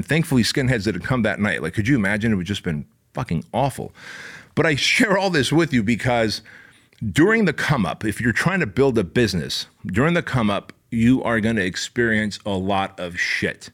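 A man tells a story in a casual, rambling way. His voice sits at an ordinary middle pitch. He swears freely and fills his speech with "like" and "bro". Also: big pitch swings, normal speed, fairly bright tone, slightly rough. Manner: profane, rambling, heavy on fillers like "bro" and "like". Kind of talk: casual personal anecdote.

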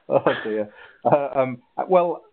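A husky-voiced man telling his story in an interview, animated, with halting restarts. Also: mid-range voice. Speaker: guest, ultra runner. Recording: tinny phone-like line.

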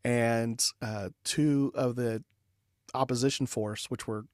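A man in his forties, a podcast guest and leadership consultant, telling an anecdote in a lively, conversational way with fillers. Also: mid-range voice, slow pace, dry recording, clean studio sound. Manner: animated anecdote telling with laughs and filler words. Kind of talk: conversational storytelling.

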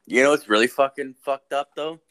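Crude podcast guy, bright sharp voice, swears nonstop, blunt. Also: medium pitch, a little fast, poor audio. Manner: profane, blunt, laughs a lot. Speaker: podcast host. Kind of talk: crude casual banter.

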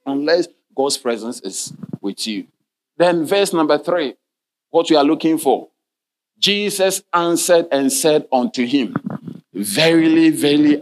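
A man preaching a sermon as pastor of a church. He reads scripture in old King James wording and often breaks in with "Hallelujah" and questions to the congregation. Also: a little high.

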